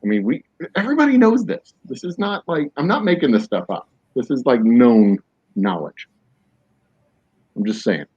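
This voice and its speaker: Jokey rambling man with a lively voice. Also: mid-range voice, normal speed, slightly rough. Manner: rambling, jokey riffing with mock-serious tangents. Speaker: podcast host. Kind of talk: casual chat. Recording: dull lo-fi, dry.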